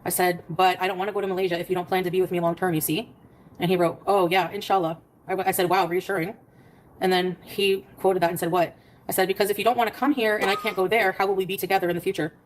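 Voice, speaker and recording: A woman on a casual livestream, rapidly recounting a quarrel by reading out her text messages. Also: lowish voice, fairly even intonation, a little hiss or hum, poor audio.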